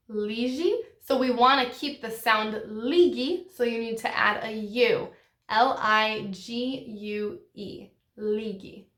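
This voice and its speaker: A woman teaching a language lesson to camera, spelling out and repeating each word in a slow, deliberate way. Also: on the high side, a bit bright, echoey room.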